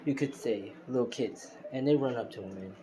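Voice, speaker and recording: A man's voice: medium pitch, brisk. A man casually retelling a fan-made story, rambling with lots of fillers and restarts. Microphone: phone screen recorder. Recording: noisy phone recording.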